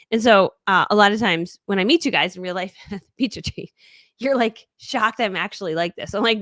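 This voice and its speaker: Fast-talking high-energy woman coach. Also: lively intonation, a bit bright, no echo, studio quality. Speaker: online business coach. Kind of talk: live webinar teaching.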